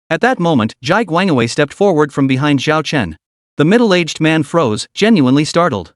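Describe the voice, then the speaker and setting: Brief: male narrator, fairly high and animated, dry close recording, dramatic delivery. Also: moderate pace, dry recording. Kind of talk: scripted narration of a comic recap.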